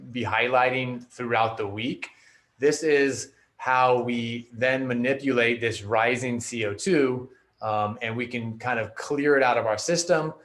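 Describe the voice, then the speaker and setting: Guy coaching breathing on a zoom call, mid-pitch voice, lots of ums and restarts, kinda dry-mouthed. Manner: loose, filler-heavy explaining with restarts. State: dry mouth after talking an hour. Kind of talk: casual instruction over video call. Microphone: video call.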